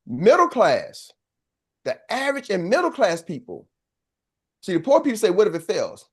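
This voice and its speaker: A man's voice: sits high, wildly swooping pitch, moderate pace, pauses often, husky. A man gives a motivational sales training. He talks like a preacher, throws questions to the room and waits for answers. He slips into short acted voices to make his point. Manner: preachy, call-and-response, acts out little voices. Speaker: sales coach.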